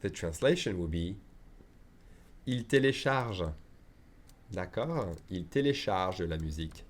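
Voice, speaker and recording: A man teaching a beginners' language lesson in a relaxed, joking way, with many fillers and restarts. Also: deep voice, unhurried. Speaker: French teacher. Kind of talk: casual spoken lesson.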